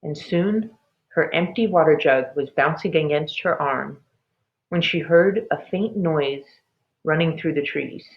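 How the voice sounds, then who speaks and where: A woman reading a children's chapter book aloud with expressive storytelling. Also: sits low, a little slow. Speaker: storybook reader. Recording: dull lo-fi recording.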